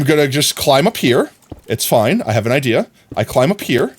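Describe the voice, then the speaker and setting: Animated man streaming a block game. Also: mid-range voice, normal speed, husky. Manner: talks to game characters, mock scolding, jumps between mutters and outbursts. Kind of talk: casual gaming commentary.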